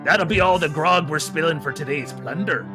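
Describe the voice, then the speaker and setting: A man's voice: on the high side, over music, lightly acted. A man voicing a hammy pirate captain reading a podcast sign-off. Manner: theatrical, drawn-out pirate delivery.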